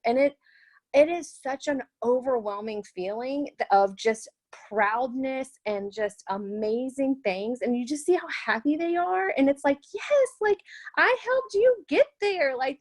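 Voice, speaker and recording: A young woman, a new health coach, telling her story in an earnest, rambling way with many fillers. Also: high-pitched. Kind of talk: webinar testimonial.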